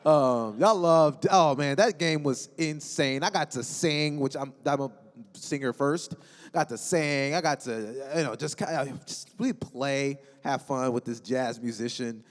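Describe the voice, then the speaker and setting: A man's voice: medium pitch, a little slow. A man speaking as a voice-acting panelist, enthusiastic and loose with slang, in casual convention talk. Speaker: panelist voice actor. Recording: echoey convention hall.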